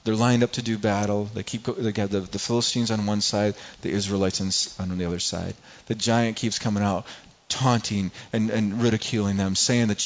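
A man's voice: fairly low pitch, fairly even intonation, brisk, hardly any pauses, lo-fi sound. A middle-aged man preaching a sermon in a conversational way, often repeating words and acting out everyday people. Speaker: pastor.

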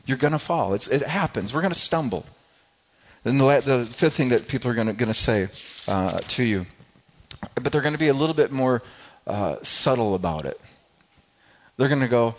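A man delivers a church sermon in an easy, conversational way at a middle pitch. He stumbles and repeats words, then slips into the voices of the people he quotes. The recording is slightly muffled and lo-fi. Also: animated, normal speed, pauses often. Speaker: pastor. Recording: slightly dull, lo-fi sound.

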